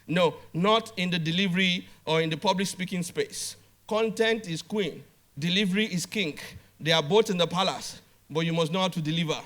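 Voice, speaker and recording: Speaking to the audience in a conference hall, a man delivers a motivational business talk at a moderate pace. His high-pitched voice has a fairly bright tone, and he's direct and emphatic, repeating phrases and calling out to the crowd.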